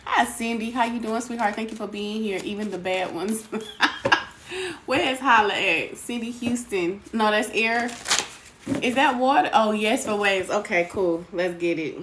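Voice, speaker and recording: A woman's voice: mid-range voice, moderate pace, few pauses. A woman hosting a casual live tarot stream, greeting viewers by name and calling them sweetheart. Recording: noisy home recording.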